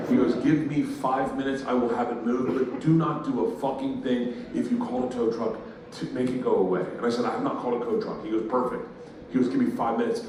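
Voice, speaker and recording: A man's voice: mid-range voice, noisy background. A man telling a stand-up story, acting out the voices of the people in it. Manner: loud animated storytelling, acts out quoted voices, audience laughter. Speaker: stand-up comedian. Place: live comedy venue. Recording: loud roomy ambience, distant mic.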